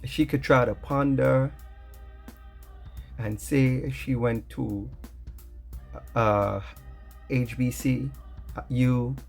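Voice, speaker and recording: Very slow, gravelly-voiced man. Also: medium pitch, fairly even intonation, a little mellow, faint music behind. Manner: slow, emphatic, drawn-out phrasing. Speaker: commentator. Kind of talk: slow commentary over music.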